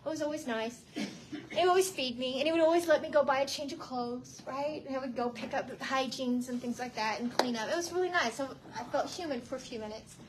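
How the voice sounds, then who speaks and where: A middle-aged woman telling her personal testimony to a church audience, animated and slangy, often laughing as she tells the story. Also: sits high, fast talker, noisy background. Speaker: guest speaker giving testimony.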